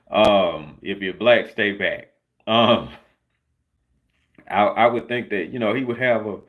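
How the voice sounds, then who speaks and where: A man talks on his own livestream in a loose, sarcastic way, often pausing on "um" and "like". His voice sits a little low and swings widely in pitch as he gets worked up. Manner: sarcastic, animated, lots of filler words. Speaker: livestream host. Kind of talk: casual solo livestream commentary.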